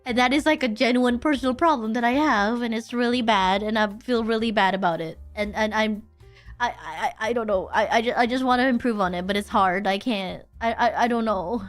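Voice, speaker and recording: A woman's voice: fairly high pitch, fairly quick, faint music behind. A young woman streaming, chatting casually and rambling, with lots of restarts and self-deprecating asides. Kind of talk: casual livestream chat.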